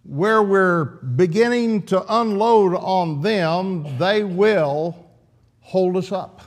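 A man's voice: high voice, very slow. A man preaching an earnest, emphatic sermon in church, often restarting his phrases.

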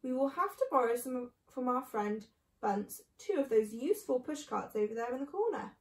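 A woman's voice: high-pitched, expressive, normal speed. A woman voicing a sly, boastful father fox who grins and gives orders, in a storybook reading. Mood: fussy. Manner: grinning, showy and commanding. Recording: echoey room.

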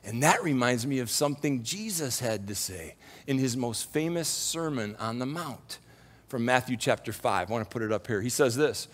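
A man giving a lively Bible lesson as a Sunday school teacher, moving between hushed scripture reading and excited, shouted exclamations. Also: medium pitch, normal speed. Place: church hall. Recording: long hall reverb.

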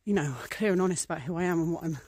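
A woman's voice: fairly low pitch, rapid-fire, darkish tone, slightly rough, no room sound. Woman vlogger, loose rambling chat to camera, lots of ums, acts out little scenes. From England. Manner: chatty and rambling, many fillers, voices little acted scenes. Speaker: priestess and vlogger. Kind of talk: casual talk to camera.

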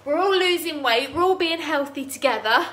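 A woman hosting a chatty live cooking stream from her home kitchen, bubbly and excitable. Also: sits high, slight background noise. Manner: bubbly, excitable, quick to laugh and tear up. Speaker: cooking livestream host.

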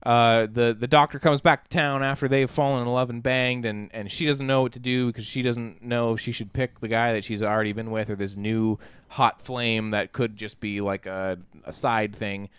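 A man's voice: medium pitch, steady tone, normal speed, hardly any pauses, fairly bright tone, clean tone, no echo, clean studio sound. A man co-hosting a casual podcast, retelling a film in a rambling, incredulous way, full of "like" and restarts. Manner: rambling, heavy use of "like" and restarts. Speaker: podcast co-host reviewing a film. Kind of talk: casual chat.

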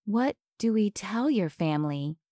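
A woman's voice: medium pitch, lively intonation, measured pace, mellow, no room sound, studio quality, natural voice. A woman voicing a shy but earnest young woman, hesitant and heartfelt.

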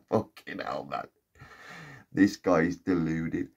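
Blunt sweary man ranting. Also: medium pitch. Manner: blunt, sweary, repetitive, rhetorical questions. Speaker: commentary vlogger. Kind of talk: casual rant to camera.

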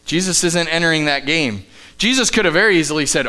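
A man delivers a live church sermon as pastor, his voice smooth and a touch higher than most men's. He preaches with emphasis, then drops to soft, quiet asides. A faint electrical hum sits under the recording. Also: lively intonation, brisk. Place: church sanctuary, live service.

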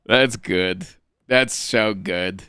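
A man streaming a card game, reading card text aloud and reacting with animated, profane commentary. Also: lowish voice, very slow, smooth, no echo, clean studio sound. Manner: animated and profane, swinging between flat card reading and excited outbursts.

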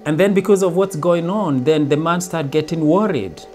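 A man's voice: fairly high pitch, normal speed, darkish tone, faint music behind. A man giving a motivational talk, telling it as a story and briefly acting out everyday lines. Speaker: self-help speaker. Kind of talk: motivational monologue.

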